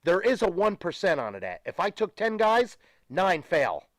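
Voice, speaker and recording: Animated, ranting older man. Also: high-pitched, normal speed, no room sound. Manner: emphatic, profane, ranting. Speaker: guest, retired pro wrestler. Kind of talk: animated studio interview. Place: studio.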